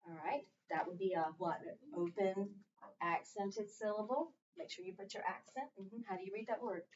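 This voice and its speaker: A woman's voice: medium pitch, moderate pace, lo-fi sound, a little hiss or hum. Woman teacher, distant classroom recording. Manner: patient, prompting with fill-in questions. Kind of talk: classroom phonics lesson.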